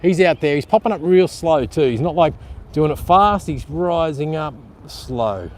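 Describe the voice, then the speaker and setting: An Australian man rambling excitedly to live-stream viewers from outdoors beside a canal, with a camera-mounted mic. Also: on the high side, unhurried, slight background noise. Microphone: handheld camera with plug-in mic.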